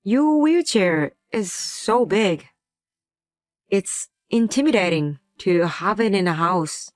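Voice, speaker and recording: Cold mean husband, curt and contemptuous, woman reading him, mid pitch, dry sound. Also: expressive, takes it slowly, dry recording. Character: cold, resentful husband, adult man.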